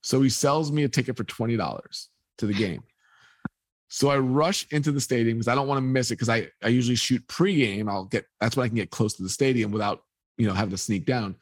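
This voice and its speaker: A man's voice: medium pitch, fairly quick, dry recording. A man, a sports photographer, telling a personal anecdote in an interview and acting out the dialogue as he goes. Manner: animated, acts out quoted dialogue. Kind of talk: storytelling anecdote.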